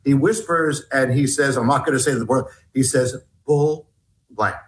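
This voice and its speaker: A man telling a story in an interview as a guest author, halting and restarting often while acting out dialogue. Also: mid-range voice, low-quality recording. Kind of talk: animated storytelling.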